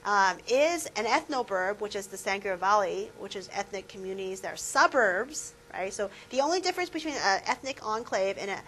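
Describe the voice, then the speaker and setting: A woman's voice: mid-range voice, expressive, normal speed, hardly any pauses, a bit bright, slight background noise, poor audio. A woman professor giving a classroom lecture, conversational and putting questions to her students. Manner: conversational, asks the class questions, many fillers.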